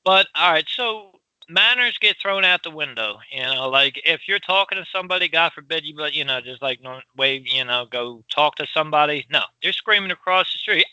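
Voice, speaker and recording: Loud, bright-voiced Philly man. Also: on the high side, animated, moderate pace, clear, resonant tone, no echo, rough recording. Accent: Philadelphia. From Philadelphia. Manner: loud, rambling, laughs often. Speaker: podcast co-host. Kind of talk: casual chat.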